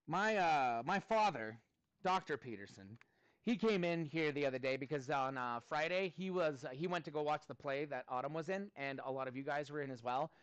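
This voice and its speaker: A man in his thirties teaching a math class, chatting with students in a playful, animated way. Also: a little high, brisk, clear, resonant tone, dry recording. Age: 30s. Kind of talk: classroom lesson.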